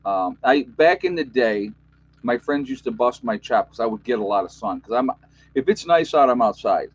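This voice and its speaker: A man in his fifties with a thick New York accent chats through a casual livestream, rambling and joking with plenty of filler words. He sounds overtired, and his voice sits at an ordinary middle pitch. The audio is a little muffled and lo-fi. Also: expressive, moderate pace, husky. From United States. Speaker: YouTube channel host.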